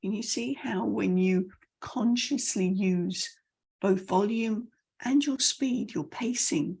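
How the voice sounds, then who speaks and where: A middle-aged woman teaching voice skills, demonstrating each point by swinging between loud and soft, fast and slow. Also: on the high side, sing-song, husky. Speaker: voice and message coach. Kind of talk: online training talk.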